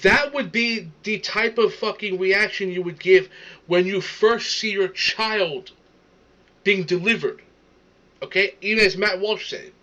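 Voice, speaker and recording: A man with a high, piercing voice rants through a casual reaction commentary. He swears freely and trips over repeated words as he talks. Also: a little slow, bright, forceful tone, highs cut off. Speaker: streamer reacting to a video.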